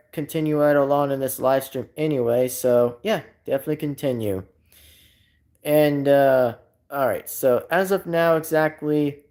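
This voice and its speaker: Man hosting a live stream, slightly high voice, rambles and repeats himself, casual chat. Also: darkish tone.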